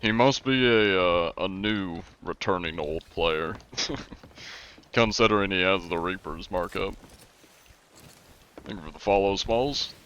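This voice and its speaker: A man streaming a game live, chatting in a relaxed, rambling way and swearing casually. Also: low voice, takes it slowly, long pauses, lo-fi sound, slight background noise. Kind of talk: casual live-stream chat while gaming.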